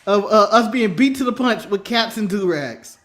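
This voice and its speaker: An American man co-hosting a casual podcast, excitable and profane, laughing often and acting out quotes. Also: high-pitched, moderate pace. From United States. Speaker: podcast co-host. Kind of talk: casual wrestling podcast chat.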